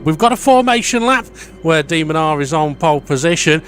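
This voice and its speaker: A man's voice: on the high side, lively intonation, fairly quick, fairly bright tone, faint music behind. Chatty male sim racing commentator. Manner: chatty, filler-heavy, stumbling. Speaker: race commentator.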